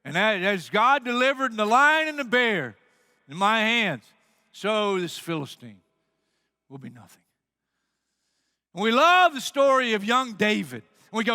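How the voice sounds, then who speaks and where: Animated, high-voiced preaching pastor. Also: male voice, a little slow, long pauses, clear, resonant tone, dry recording, studio quality. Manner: animated storytelling, acts out quotes. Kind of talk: sermon.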